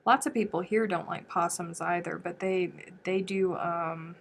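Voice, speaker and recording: A woman's voice: fairly low pitch, fairly even intonation, measured pace, gravelly. A woman from the United States hosting a crochet livestream, chatting casually and thinking aloud as she answers viewer comments. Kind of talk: casual livestream chat while crafting.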